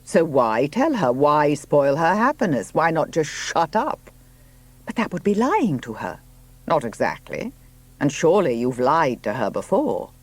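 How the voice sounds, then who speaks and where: A man playing a blunt, kindly country gentleman. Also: on the high side, very animated, unhurried, voice pushed up. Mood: placid. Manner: dry and placid, blunt.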